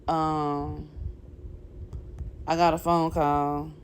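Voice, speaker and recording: A woman's voice: deep voice, little pitch movement, drawn-out words, clean tone. A woman giving an emotional personal testimony in a candid, chatty way, speaking straight to viewers and speaking openly about her faith. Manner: faith-filled, calls for casting down negative words. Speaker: vlogger sharing a personal testimony.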